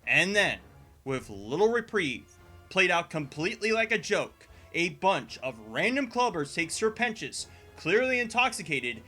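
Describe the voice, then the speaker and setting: A man delivering scripted commentary as a video essayist, sarcastic and profane, with sudden exasperated jumps in pitch. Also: big pitch swings, a little slow, pushed and bright, faint music behind. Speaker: video essayist reviewing a show.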